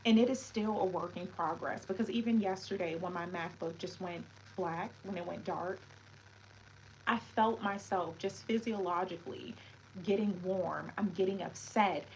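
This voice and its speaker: A woman's voice: on the low side, moderate pace, slight background noise, rough recording. A woman hosting a casual livestream, talking reflectively to her viewers and greeting them with French words. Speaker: livestream host.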